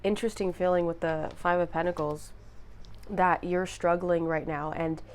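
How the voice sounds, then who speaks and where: A young woman giving an intuitive tarot reading to her viewers, speaking in a halting, emotional way. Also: on the low side, steady tone, a little mellow. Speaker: tarot reader.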